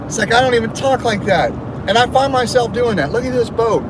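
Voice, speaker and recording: With a very high-pitched voice and lively intonation, a man talks a bit fast while vlogging from his car on the way to work. His chat wanders from joke to joke over the sound of the highway.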